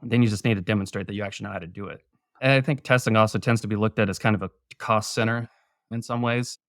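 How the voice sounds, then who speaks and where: A man's voice: on the low side, steady tone, quick pace, fairly bright tone, dry recording, clean studio sound. A man, a guest author, explaining his views in a casual panel discussion. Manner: explanatory, conversational.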